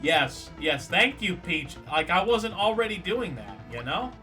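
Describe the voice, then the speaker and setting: A man's voice: sits high, very animated, a little slow, bright, forceful tone, soft background music. A man casually commentating a game on a live stream, joking and teasing a viewer.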